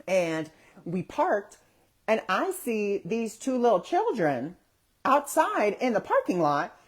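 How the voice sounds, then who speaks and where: High and husky, the man's voice swings hugely in pitch at a slow pace. He's hosting a casual spiritual talk streamed live on social media, telling animated stories and voicing the people he quotes.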